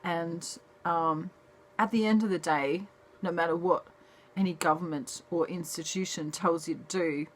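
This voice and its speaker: A woman giving a chatty, casual tarot reading in a soft, unhurried manner. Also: lowish voice, steady tone. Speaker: tarot reader.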